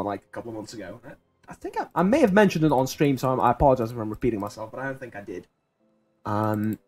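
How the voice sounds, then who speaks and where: A man's voice: on the high side, darkish tone. A man in his twenties streaming a game and telling a rambling anecdote in casual chat. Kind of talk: casual chat while gaming.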